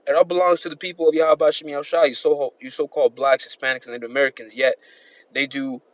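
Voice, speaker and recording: A man's voice: a little high, flat delivery, quick pace, dry recording, muffled recording. A man preaching an informal sermon, reading scripture and rambling with constant "man" and "all right" fillers. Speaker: street-style preacher.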